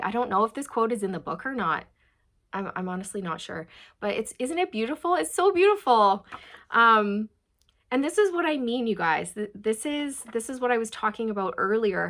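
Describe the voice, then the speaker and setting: A woman gives a heartfelt tarot reading straight to her viewers. She talks in an emotional, gushing way, keeps checking in with them, and slows down to read quotes out softly. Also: mid-range voice. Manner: emotional, gushing, frequent "okay?" and "you guys"; reads quotes slowly and softly. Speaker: tarot reader.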